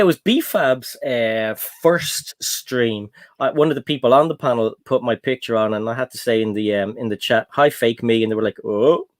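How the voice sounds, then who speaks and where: A man's voice: medium pitch, no room sound, studio quality. An Irish man hosting a livestream, chatting casually and reading out viewer comments with plenty of ums. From Ireland. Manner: rambling, chatty, full of ums and laughs. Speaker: livestream host.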